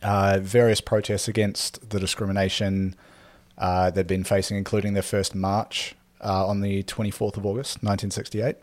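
A man casually talking through a history topic on a podcast, with lots of ums and quick laughs. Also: on the low side, level tone, no room sound. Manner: rambling, filler-heavy, laughs often. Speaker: podcast co-host presenting history.

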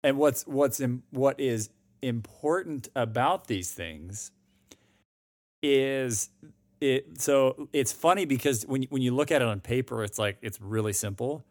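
A man's voice: medium pitch, a little slow, no echo. Guy cohosting a money podcast, chatty and rambly, dry close mic. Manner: rambling, with restarts and emphatic asides. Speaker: podcast co-host. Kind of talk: casual chat. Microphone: new microphone.

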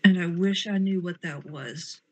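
A woman's voice: lowish voice, unhurried, husky. A woman playing a tabletop role-play game, speaking in character with petulant, sarcastic banter and describing her character's actions.

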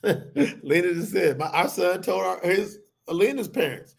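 Middle-aged man, animated sermon delivery, high and gravelly, keeps turning to the audience. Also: measured pace. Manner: animated, addresses the audience as y'all. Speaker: preacher.

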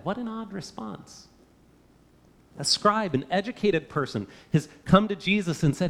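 A man's voice: high voice, lively intonation, moderate pace, a bit bright. A man preaching a sermon, earnest and emphatic, often asking the listeners rhetorical questions. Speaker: pastor.

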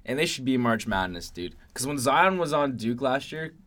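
A man's voice: mid-range voice, expressive, normal speed, fairly bright tone. A young man hosting a casual sports podcast, teasing his co-host and swearing casually.

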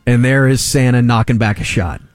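A man in his forties, a radio host, telling a family story in a lively way and laughing along. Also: mid-range voice, fairly quick, no room sound, soft background music. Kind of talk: casual storytelling on a sports talk show.

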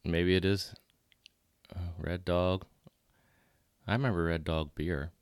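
A man talks casually on a podcast, teasing and laughing as he goes. His voice sits very low and comes through smooth and resonant. The sound is dry and close, with no room around it. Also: steady tone, slow, no echo. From Pittsburgh area, USA. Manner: joking, chatty, laughs often. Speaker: podcast co-host. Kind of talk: casual chat.

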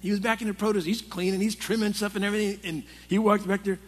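A man's voice: high-pitched, level tone, fast talker. A male pastor preaching to a men's Bible study in a conversational, storytelling way. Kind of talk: sermon. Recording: long hall reverb.

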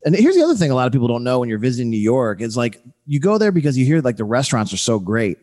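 A man in his thirties hosts a casual interview, his voice sitting at a middle pitch. He tells stories with lively energy and frequent laughter. His pitch jumps up sharply at funny moments. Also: rapid-fire. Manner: animated storyteller, laughs often. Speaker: podcast host.

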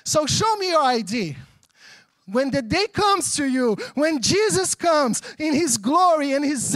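A man who speaks English as a second language, preaching a sermon as pastor in a lively, conversational way, often checking in with the congregation. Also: very high voice, unhurried, no echo, studio quality. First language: not English. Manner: animated, conversational preaching with frequent audience check-ins.

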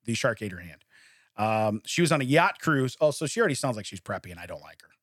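A man co-hosting a casual chat show, reading odd news stories aloud, laughing often and telling them in a lively way. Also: on the low side, fast, dry recording, studio quality. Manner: laughs often, animated storytelling. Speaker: podcast co-host.

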